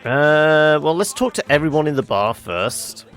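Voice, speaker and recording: A man's voice: fairly high pitch, expressive, measured pace, a bit bright, faint music behind. A man hosting a game playthrough who makes wry remarks and thinks aloud in casual commentary. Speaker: gameplay host.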